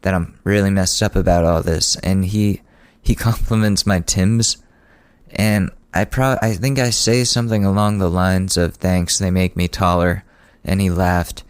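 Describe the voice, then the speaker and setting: A man with a very low voice tells a personal story on a podcast in a loose, rambling way, full of restarts and dry sarcasm. The recording is dry and close, with no room sound. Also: measured pace, smooth, no echo. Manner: sardonic, rambling, many restarts. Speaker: podcast host. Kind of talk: casual comedic storytelling.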